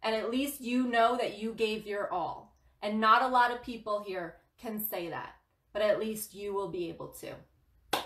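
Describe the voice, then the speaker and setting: A woman's voice: medium pitch, a little slow, fairly bright tone, roomy sound. A woman hosting a spiritual guidance livestream, giving an emphatic motivational talk. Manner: passionate, emphatic, laughs often.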